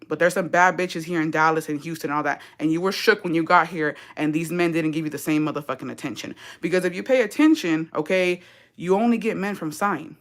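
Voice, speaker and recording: On a livestream, a woman vlogger goes on a heated, profane and sarcastic rant, switching between English and Spanish. Her voice sits low and she talks briskly.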